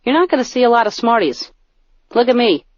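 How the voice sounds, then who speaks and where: A middle-aged woman reading her own comic audiobook in a deadpan, self-mocking way, close to the mic. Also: fairly high pitch, a little fast, dry recording. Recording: dull, dry studio recording.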